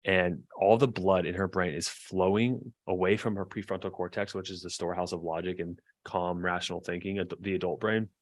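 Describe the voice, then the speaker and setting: A man working as a marriage therapist, giving a lively coaching lesson in a chatty way and acting out quoted voices. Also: sits low, a little fast, few pauses, dry recording. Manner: lively, acts out quoted voices, chuckles often; conversational, frequent fillers like "like" and "right".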